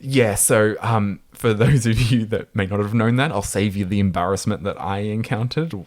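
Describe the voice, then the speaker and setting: An Australian man co-hosts a relaxed podcast chat in a lowish voice at a moderate pace. He laughs a lot and keeps making fun of himself.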